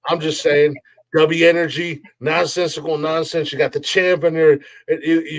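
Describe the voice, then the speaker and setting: A man's voice: fairly high pitch, flat delivery, moderate pace. A man co-hosting a casual comedy podcast, swearing freely, rambling, and slipping into wrestling-announcer hype. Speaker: podcast co-host.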